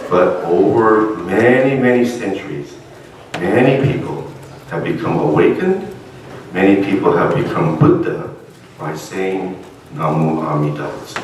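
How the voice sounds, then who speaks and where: A man giving a dharma talk as minister, explaining things gently and patiently, recorded in an echoey church hall from a distance. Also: lowish voice, slight background noise. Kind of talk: dharma talk with puppet dialogue.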